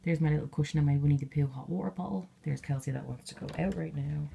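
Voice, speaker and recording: A woman's voice: low-pitched, quick pace, creaky, few pauses, dark tone, slight background noise. A young woman vlogging casually from her bedroom with a handheld camera, rambling with offhand, sarcastic asides. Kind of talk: casual vlog chat.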